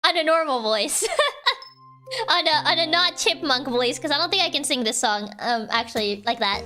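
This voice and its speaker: A woman's voice: sits high, expressive, normal speed, bright, forceful tone, faint music behind. A woman streamer chatting casually between karaoke songs, giggly and self-deprecating, rambling with fillers.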